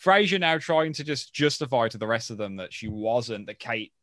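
A man's voice: medium pitch, expressive, normal speed, fairly bright tone, no echo. Wry man in a dry room. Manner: wry, rambling, many ums. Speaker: podcast co-host. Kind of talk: casual chat.

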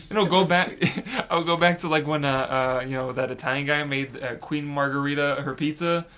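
A man chatting on a podcast in a bright, tense voice. He jokes constantly and uses slang. The tone stays loose and playful. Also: a little high, a little fast. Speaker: podcast co-host. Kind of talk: casual chat.

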